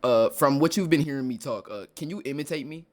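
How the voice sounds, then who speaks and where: A man with a lisp chatting casually as a YouTuber, mumbling and trailing off softly with lots of fillers. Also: mid-range voice, a little fast. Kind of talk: casual chat.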